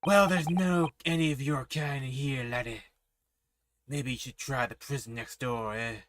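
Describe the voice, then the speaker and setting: A man voicing a gruff, hostile old prison governor who blusters and threatens, reading game dialogue over loud game music. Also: medium pitch, steady tone, unhurried, slight background noise, close to an everyday voice. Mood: dismissive. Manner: blustering, threatening, folksy "laddie" talk.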